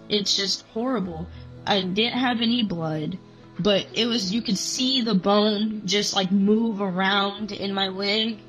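A woman's voice: medium pitch, a bit bright, rough recording. A young woman telling a personal story as an interview guest, casual with many fillers, quoting her own thoughts. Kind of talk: personal story told on camera. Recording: faint music bed underneath.

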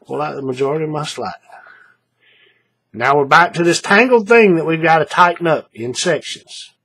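A man with a slightly husky, breathy voice explains a paracord craft as he works with his hands. His pitch rises and falls in a lively way, and he keeps checking in with "right?" as he repeats each step. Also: moderate pace.

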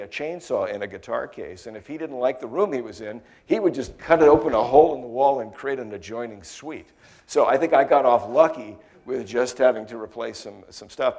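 A middle-aged American man giving a talk, telling lively anecdotes in a chatty way with plenty of fillers. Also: medium pitch.

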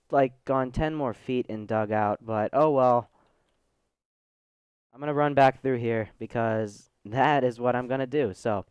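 A man's voice: medium pitch, darkish tone, clean tone, no echo. A man with a Southern US accent giving chatty, goofy let's play commentary, talking straight to his viewers. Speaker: gaming channel host.

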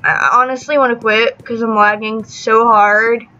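A woman's voice: fairly high pitch, flat delivery, measured pace, pushed and bright, dull audio. A young woman hosting a gaming channel, giving live gameplay commentary, often frustrated, swearing, and laughing at herself.

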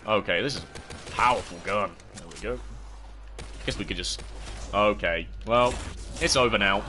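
Excitable young British man streaming games. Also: lowish voice, measured pace, vocal fry, pauses often, noisy background. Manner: excitable, yelps and shouts at the game, chats to viewers. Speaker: livestreamer. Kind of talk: casual gaming livestream commentary.

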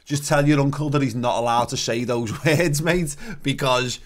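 A man's voice: mid-range voice, normal speed. A man, co-hosting a podcast in casual chat, ranting and swearing with many restarts. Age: 30s. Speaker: podcast co-host.

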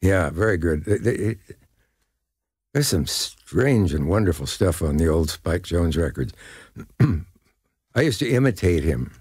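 A man in his eighties from Nebraska, a guest telling rambling anecdotes and pausing to hunt for names. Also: low-pitched, very animated, darkish tone, slightly rough. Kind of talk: casual interview chat.

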